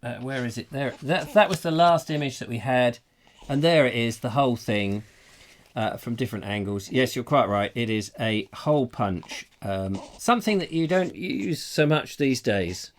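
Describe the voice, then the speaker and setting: A man's voice: medium pitch, slight background noise. An English man hosting a live comic chat show, joking and musing aloud over quiz answers. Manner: jokey, musing aloud, drawn-out puns. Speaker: comedy chat show host. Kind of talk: playful live show banter.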